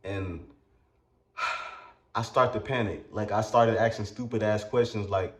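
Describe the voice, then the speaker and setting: A man's voice: lowish voice, steady tone, echoey room, highs cut off. Casual, crude man telling a story. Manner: casual, crude, slangy, halting restarts. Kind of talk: comedic personal storytelling.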